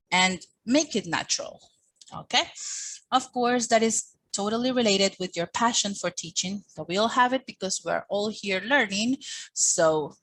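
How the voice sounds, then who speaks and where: A woman giving a teacher training talk, speaking with lively, expressive intonation and acting out little quoted exchanges. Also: medium pitch, rough recording. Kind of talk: teaching workshop presentation.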